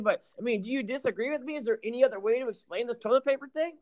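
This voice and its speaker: High-voiced, profane man chatting. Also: rapid-fire, few pauses, no room sound. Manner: profane, animated storytelling with asides. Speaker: podcast co-host. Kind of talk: casual chat.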